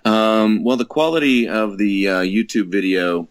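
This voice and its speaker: A man's voice: lowish voice, lively intonation, unhurried, no echo. A man in casual podcast chat about a movie, amused, with hesitant fillers.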